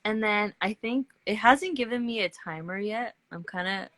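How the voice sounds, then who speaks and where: A woman's voice: medium pitch, moderate pace, a bit bright, no echo. A woman hosting an artist talk over a video call, upbeat, chatty and encouraging. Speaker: host. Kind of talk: casual interview chat.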